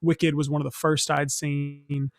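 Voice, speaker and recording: A young man from Northern California, a stage actor as interview guest, telling stories in a reflective, soft-spoken way with many fillers and restarts. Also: on the high side, little pitch movement, a little slow, creaky, no room sound, clean studio sound. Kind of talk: casual interview storytelling.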